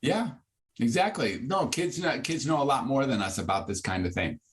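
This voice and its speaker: An older man, a psychiatrist, talks openly in a conversational interview. His voice sits at a middling pitch and leaps upward in lively bursts when he drives a point home. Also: normal speed. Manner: animated, builds to high bursts when making a point. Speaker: psychiatrist guest.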